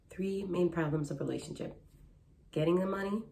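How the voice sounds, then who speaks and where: A woman's voice: lowish voice, moderate pace, creaky, warm tone. A young woman who works as a matchmaker, talking earnestly and conversationally in a casual advice vlog, repeating her key points. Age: young adult.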